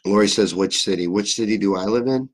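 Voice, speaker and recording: Reading viewer comments on his live stream, this young Kentucky man speaks fairly quickly with a fairly low pitch and a faint Southern accent. The chat is casual and rambling, peppered with jokes and free swearing.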